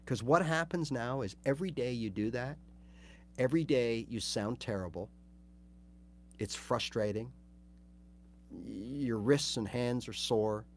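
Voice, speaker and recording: Man, guitar teacher, casual livestream lesson, chatty, animated, middle pitch. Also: a little slow, pauses often, slight background noise. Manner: chatty, animated, acts out little scenes.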